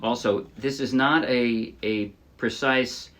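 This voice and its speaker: A man with a medium-pitched voice and steady tone gives a casual ukulele tutorial at a slow pace, with loud ukulele playing behind him. He is chatty and demonstrative and often corrects himself mid-sentence.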